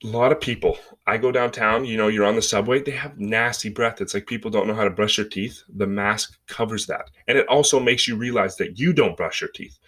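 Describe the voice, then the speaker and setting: A man's voice: on the low side, a little fast, hardly any pauses, a bit bright. A man in his twenties hosting a solo podcast, ranting with sarcasm and mockery in casual talk. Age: 20s. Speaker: podcast host.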